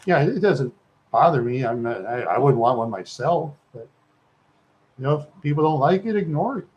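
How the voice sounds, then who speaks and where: A man's voice: mid-range voice, animated, moderate pace, long pauses, dull audio. A man from Minnesota hosting a live stream, rambling through stories, repeating words and chuckling often.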